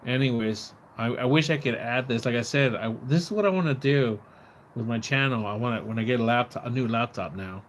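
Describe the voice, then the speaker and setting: A man's voice: medium pitch, fairly quick, slight background noise. Rambling man streaming outdoors. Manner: rambling, repeats words, swears when riled. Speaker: live streamer. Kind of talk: casual live stream chat. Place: outdoors near his house.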